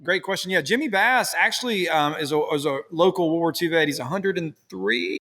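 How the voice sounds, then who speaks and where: Enthusiastic man with a slightly high voice. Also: brisk, pushed and bright, big-room sound. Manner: enthusiastic, rambling storyteller. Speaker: podcast guest, hotel owner. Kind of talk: casual conversational interview.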